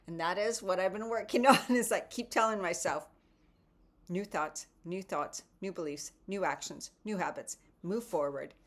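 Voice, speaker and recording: A woman's voice: on the low side, a bit bright. A woman hosting a casual motivational morning talk and reading tarot cards, chatty and often adding "right?".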